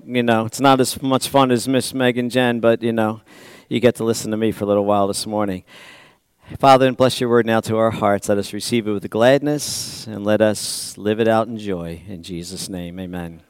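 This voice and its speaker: A man's voice: mid-range voice, steady tone, normal speed, clean tone, no echo. A man pastor preaching a sermon in a church, talking in a conversational, rambling way with restarts and repeated words.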